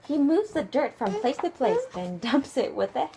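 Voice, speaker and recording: A woman who speaks Japanese natively, reading a picture book aloud to her child at home at bedtime, expressive and hushed at times. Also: sits high, moderate pace, slight background noise. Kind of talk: bedtime story read-aloud.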